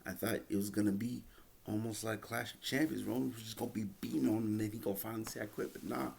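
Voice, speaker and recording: Casual rambling male reviewer, low gravelly voice. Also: steady tone, quick pace, a little mellow, slight background noise. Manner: rambling, many fillers and restarts. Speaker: wrestling reviewer.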